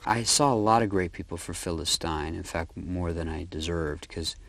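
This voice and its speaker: Low-voiced male director, reflective interview anecdotes. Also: steady tone, moderate pace, fairly bright tone. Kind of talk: documentary interview.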